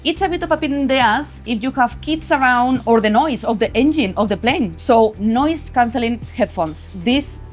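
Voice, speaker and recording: A chatty young woman with a Spanish accent walks through her travel gear in a casual vlog. Her voice sits fairly high and she leans on words for emphasis. Soft music plays underneath. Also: lively intonation, normal speed, few pauses. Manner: chatty, emphatic, tags lines with "okay?". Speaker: photography vlogger. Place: travel location.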